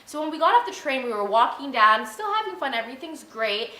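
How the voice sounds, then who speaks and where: A young woman in a casual vlog, telling a travel story in an animated, chatty way, full of "like" and "you know". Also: high voice, a little fast. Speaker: travel vlogger. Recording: echoey room.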